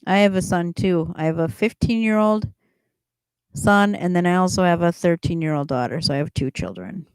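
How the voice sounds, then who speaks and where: Her voice sits on the low side, clear and resonant, at a normal speed with no room sound. She's a middle-aged woman running a relaxed livestream chat, laughing often and rambling as she responds to viewers.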